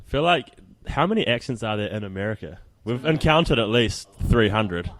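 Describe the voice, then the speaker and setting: A man with a New Zealand accent, a band's drummer, telling the band's story in a relaxed way. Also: on the low side, normal speed. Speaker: band drummer, guest. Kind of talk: casual storytelling in interview.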